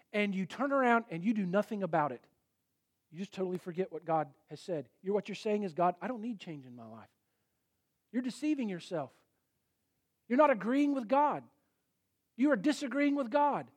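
A middle-aged male pastor preaching a sermon in an earnest, emphatic way, rising to forceful peaks. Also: sits high.

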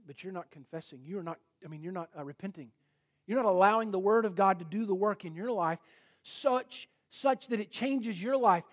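A middle-aged male pastor preaching a sermon in an earnest, emphatic way, rising to forceful peaks. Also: high-pitched.

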